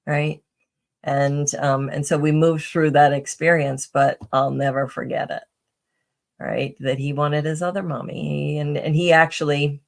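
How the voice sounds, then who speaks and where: This woman's voice is low and gravelly. She's a podcast guest sharing personal anecdotes in a loose, meandering style full of fillers and false starts.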